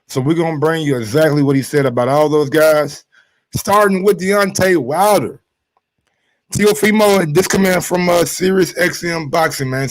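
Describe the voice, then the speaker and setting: A man's voice: fairly high pitch, rough recording. A man hosting a sports talk show, commenting in a loose, fired-up way with plenty of swearing, often repeating words as he gets worked up.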